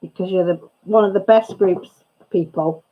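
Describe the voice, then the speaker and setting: A woman's voice: on the low side, normal speed, narrow, tinny audio. Chatty woman hosting a craft stream. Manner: chatty, rambling, self-interrupting. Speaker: crafting channel host. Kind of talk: casual livestream chat. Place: at home.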